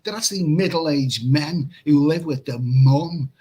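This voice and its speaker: Man, livestream host, husky voice, slightly high pitch, rambling casual chat. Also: measured pace, a little mellow, low-quality recording. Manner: rambling, repeats himself, chuckles at chat comments. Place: room in Pattaya at night.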